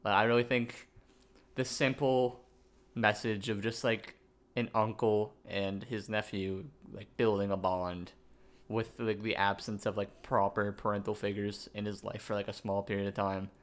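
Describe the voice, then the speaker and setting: A young man with a somewhat low voice talks about a film he loves. His delivery is earnest and reflective, with hesitations and fillers. It is relaxed podcast conversation. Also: measured pace. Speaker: podcast guest. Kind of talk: casual chat.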